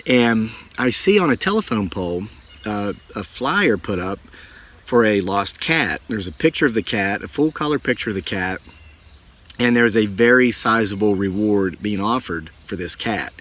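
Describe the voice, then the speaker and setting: A middle-aged man telling a long personal story in a folksy, earnest way, acting out what people said. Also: lowish voice. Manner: folksy, earnest, animated retelling with acted quotes. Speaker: homesteading channel host. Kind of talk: storytelling monologue.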